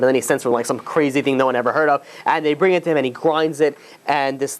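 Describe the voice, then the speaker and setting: A man, a rabbi, telling a story in a casual sermon, full of fillers and restarts, briefly voicing the characters. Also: medium pitch.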